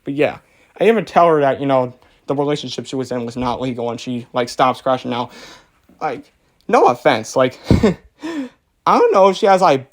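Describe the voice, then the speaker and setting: A man hosting a commentary video, reading out comments and mocking them in a rambling, filler-heavy way, laughing at his own jabs. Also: fairly high pitch. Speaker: channel host reacting to comments.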